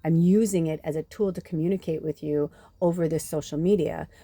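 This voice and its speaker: A woman's voice: sits low, steady tone, brisk, dark tone, no echo. A woman spiritual reader in a casual, rambling monologue, swearing often and saying "like" a lot, recorded on a phone. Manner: rambling, frequent swearing, many "like"s.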